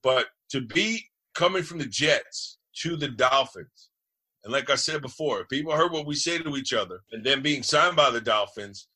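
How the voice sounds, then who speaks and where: Boisterous, bright-voiced man from New Jersey. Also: medium pitch, normal speed, husky. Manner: boisterous, profane, animated storyteller. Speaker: former quarterback, guest. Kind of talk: casual storytelling chat.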